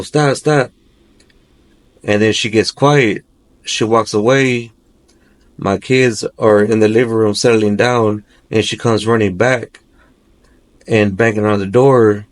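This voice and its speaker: A man, a father of three, recounting a nightmare as a podcast guest, rambling and peppering his talk with "you know" and "like". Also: lowish voice. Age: adult, father of three.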